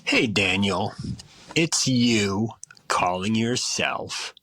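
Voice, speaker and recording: Inner self calling in, put on by a man, slow hesitant drawl, lowish voice, dry sound. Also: expressive, bright, forceful tone, no room sound, heavily acted. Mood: probing. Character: man's own inner self phoning in, slow, drawling, weary.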